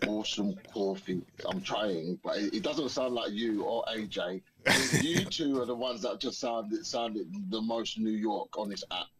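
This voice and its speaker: A man's voice: fairly low pitch, measured pace, a little hiss or hum, low-quality recording. A man with a South London accent joining a casual chat as a guest, friendly and teasing with hesitant restarts. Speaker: guest caller.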